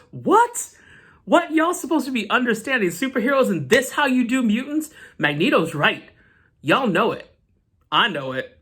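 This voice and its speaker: Man, comic channel host, casual recap, lively swinging pitch, animated delivery, side rants. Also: normal speed, slightly rough.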